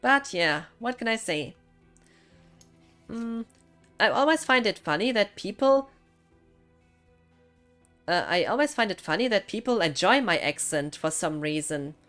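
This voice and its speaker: A woman's voice: medium pitch, expressive, measured pace, pauses often, a bit bright, faint music behind. A young woman with a German accent, a non-native English speaker, rambling casually as she chats on a live gaming stream. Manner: rambling, thinking aloud.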